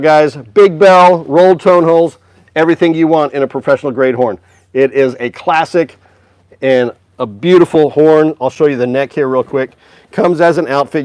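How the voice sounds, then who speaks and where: Man, casual livestream host, chatty, upbeat, slightly high voice, dry room. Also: a little mellow, dry recording. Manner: upbeat, chatty, talks to viewers by name. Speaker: music store livestream host. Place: indoor music store.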